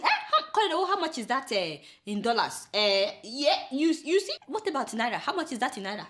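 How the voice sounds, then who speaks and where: A young woman with a Nigerian accent hosts a comic news show and talks straight to her viewers. Her voice sits a little high and sounds bright and forceful. She swings her pitch up and down constantly as she exclaims and chats. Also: fairly quick, few pauses. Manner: animated, exclamatory, chatty asides to viewers. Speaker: satirical news show host.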